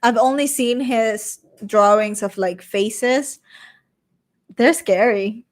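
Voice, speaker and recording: A young woman with a Venezuelan accent chats in a slightly high voice, taking her time with each word. She reads questions from her viewers out loud and answers them in a casual, self-conscious way. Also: slow pace. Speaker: streamer reading chat. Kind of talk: casual chat.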